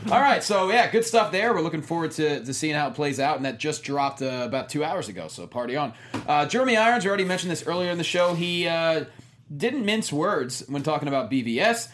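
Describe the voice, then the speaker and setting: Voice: medium pitch, lively intonation, brisk, a bit bright, a little hiss or hum. A co-host joking playfully during a casual film chat. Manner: jokey, playful.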